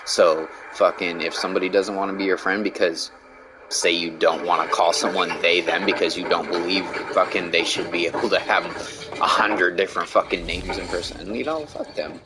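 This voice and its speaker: A man's voice: low-pitched, steady tone, normal speed, rough recording. A man streaming a game, ranting bluntly in casual talk and swearing a lot. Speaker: gaming streamer. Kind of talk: casual rant while gaming.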